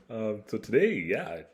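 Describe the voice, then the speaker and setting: A man from northern Ontario hosting his own podcast, talking casually and candidly in a rambling way with lots of fillers. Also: lowish voice. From northern Ontario, Canada. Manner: rambling and candid, many fillers, laughs between thoughts. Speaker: podcast host. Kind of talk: casual solo podcast monologue. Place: home room with a fire crackling behind.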